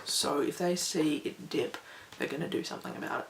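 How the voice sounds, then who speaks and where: A woman vlogging to her viewers in a chatty, rambling, animated way. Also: sits low, brisk, vocal fry. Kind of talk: casual talk to camera. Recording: echoey room, faint background noise.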